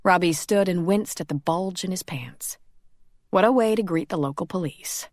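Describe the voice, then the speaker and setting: A woman narrating a romance audiobook in a slow, measured, intimate reading. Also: fairly low pitch, dry recording, clean studio sound.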